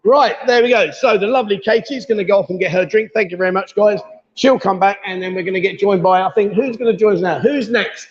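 A man's voice: sits high, fast talker. A man hosting a livestream from a bar, chatty and teasing with his guests. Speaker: livestream host. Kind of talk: casual chat. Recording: dull lo-fi livestream audio.

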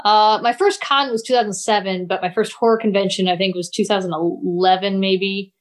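A woman's voice: medium pitch, fairly even intonation, brisk. A woman artist and teacher, a guest in an interview, talking thoughtfully with frequent laughs. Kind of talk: casual interview chat.

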